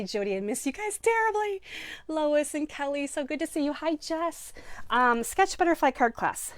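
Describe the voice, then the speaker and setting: A woman's voice: mid-range voice, dry recording. A woman with a Maine accent teaching a live online card-making class from her home craft room, chatty and enthusiastic, greeting viewers by name.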